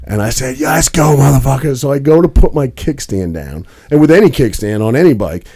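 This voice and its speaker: A man's voice: mid-range voice, big pitch swings, fairly quick, mellow. A young man co-hosting a podcast, telling a rambling story in casual chat with plenty of swearing. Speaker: podcast co-host.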